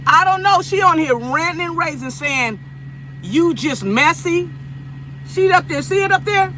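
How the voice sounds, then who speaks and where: A woman's voice: extremely high pitch, unhurried, long pauses, sharp tone, slight background noise, low-quality recording. A woman from Los Angeles chatting casually with viewers on a phone livestream, repeating herself and laughing often. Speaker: livestream host.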